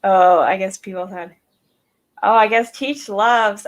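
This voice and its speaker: A woman's voice: mid-range voice, slow. A woman hosts a live stream in easy, chatty conversation. Her voice sits in a middle range, and giggles keep slipping into her talk. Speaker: host. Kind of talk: casual chat on a live stream.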